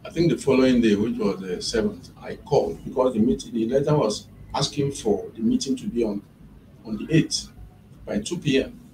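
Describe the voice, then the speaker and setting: A man's voice: mid-range voice, moderate pace, noisy background. A man, retelling events step by step as an employer's representative in a mediation session. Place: office. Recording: echoey room from a distant mic.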